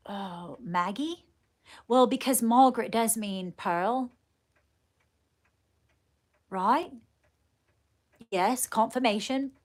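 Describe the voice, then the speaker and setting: A woman with a slightly high voice works as a medium on a live stream, addressing her viewers directly. She talks in stops and restarts, repeating words as she goes. She keeps calling her viewers darling. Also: drawn-out words, pauses often. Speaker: psychic medium. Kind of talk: live-stream channelling session.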